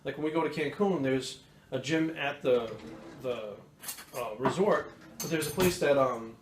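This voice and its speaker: A man hosting a fitness channel, chatting casually to camera at home in a fast, profane, animated rant. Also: mid-range voice. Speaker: fitness coach and channel host. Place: home kitchen. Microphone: camera mic. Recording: roomy echo, faint room noise.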